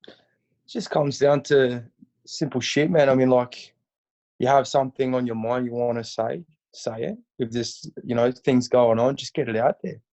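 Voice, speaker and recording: A man's voice: medium pitch, steady tone, normal speed, warm tone, poor audio. An Australian man as an interview guest, laid-back and blunt, swearing casually.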